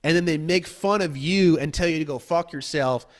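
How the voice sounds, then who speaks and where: A man's voice: a little high, moderate pace. A man in casual podcast chat, rambling and profane, acting out the people he mocks in put-on voices. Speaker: guest.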